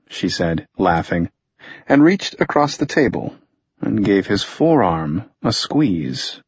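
A man narrating a thriller audiobook in an even, measured reading, voicing the hero in a dry, understated way. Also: on the low side, slightly rough, no echo, dull audio. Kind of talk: scripted narration.

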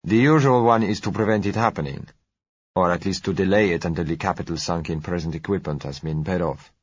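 A smooth, courteous foreign dealer in oil, as a male reader puts him on, speaking gently and without hurry. The voice sits very low and a little husky, on a dull, dry recording. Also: brisk, no echo. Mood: suave.

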